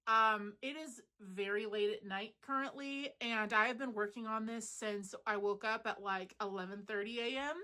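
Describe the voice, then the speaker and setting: A woman's voice: fairly high pitch, bright, forceful tone. A woman hosting a crochet channel, rambling in casual, meandering chat full of fillers, at home. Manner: chatty, meandering, lots of fillers.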